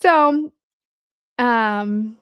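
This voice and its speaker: A woman's voice: a little high, very slow, clean tone, dry recording, clean studio sound. A woman with a Midwestern American accent hosting a casual livestream, chatting and joking with her viewers. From Midwest of the United States. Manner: chatty, joking asides to chat. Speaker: livestream host.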